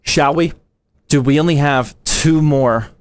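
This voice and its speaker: A man's voice: a little high, measured pace, smooth, no room sound. A young man from the United States, a PC building streamer, chatting casually with his live chat in a slangy, playful way.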